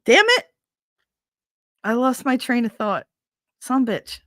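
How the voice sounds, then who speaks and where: A woman's voice: on the high side, measured pace, no echo, clean studio sound. A middle-aged woman hosting a casual livestream, telling a story with laughter, swearing and acted-out quotes. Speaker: livestream host. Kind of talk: casual storytelling chat with viewers.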